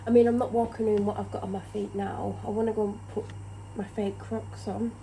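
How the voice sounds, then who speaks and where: A woman's voice: mid-range voice, level tone, fairly quick, warm tone, a little hiss or hum, rough recording. A tired woman rambles in casual chat about her day while cooking in her home kitchen. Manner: rambling, chatty, self-deprecating. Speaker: vlogger.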